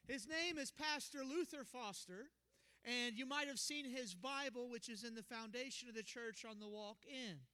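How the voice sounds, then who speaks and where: A young man preaching a sermon as pastor, telling a story with animated, acted-out quotes. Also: very high-pitched, normal speed, clear, resonant tone. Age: young adult.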